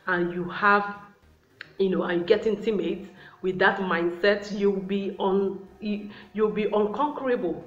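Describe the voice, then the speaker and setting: A woman's voice: medium pitch, measured pace. Chatty woman vlogger in a roomy space. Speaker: relationship advice vlogger. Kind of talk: casual advice talk to camera. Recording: roomy, slightly dull sound.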